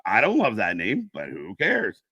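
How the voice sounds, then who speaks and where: A man's voice: on the low side, huge pitch swings, a little slow, creaky, breathy edge, dry recording, muffled recording. A man co-hosting a live wrestling fan stream, bantering casually, joking and swearing as he reads out the chat. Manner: joking, profane, laughs loudly.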